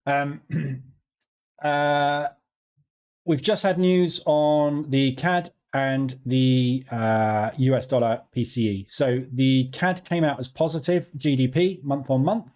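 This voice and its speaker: A man's voice: mid-range voice, steady tone, slow pace, a little mellow. A man hosting a live trading stream, chatting casually with viewers, greeting them by name and laughing easily, on a studio microphone.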